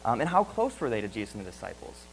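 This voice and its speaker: A man's voice: fairly low pitch, wildly swooping pitch, rapid-fire, vocal fry, a little hiss or hum, poor audio. A man preaching a sermon in an earnest way, asking many rhetorical questions and often repeating words.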